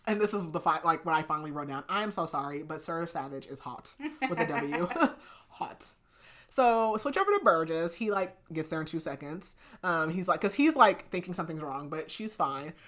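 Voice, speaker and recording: Podcast host, woman, lower voice, rambling casual book recap peppered with "like". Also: lively intonation, a little fast, fairly bright tone. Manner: chatty plot recap full of "like", laughing often. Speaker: podcast host reviewing books. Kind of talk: casual chat.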